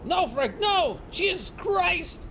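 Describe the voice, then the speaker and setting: A shrill, unhinged male outlaw, as a man puts him on for a horror game, his voice jumping high and wild as he rants. He yells in frantic bursts, then turns to mocking threats. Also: sing-song, moderate pace, creaky, slight background noise, exaggerated voice.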